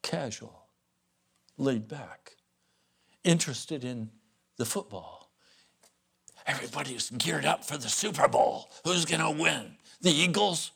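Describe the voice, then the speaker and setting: Pastor preaching hard, slow deliberate delivery, voice a touch high, goes loud then quiet. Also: male voice, expressive, gravelly, slightly rough. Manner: fervent preaching that swings from loud to hushed. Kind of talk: revival sermon.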